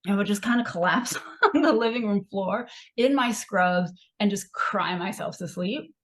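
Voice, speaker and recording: A woman's voice: mid-range voice, lively intonation, moderate pace. Candid woman telling a hard story. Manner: candid and emotional, many fillers. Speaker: podcast guest. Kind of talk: personal story in a podcast conversation.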